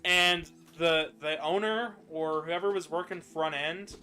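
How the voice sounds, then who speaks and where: A young man chatting casually while playing a video game, animated and swearing now and then. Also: on the high side, a little slow. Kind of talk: casual chat while gaming.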